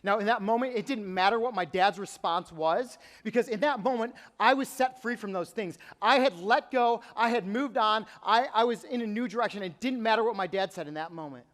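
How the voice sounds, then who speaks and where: A young man, a youth pastor, telling a personal story in a sermon, earnest, sometimes hushed and sometimes emphatic. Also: sits high, fairly quick, hardly any pauses. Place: church auditorium. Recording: long hall reverb.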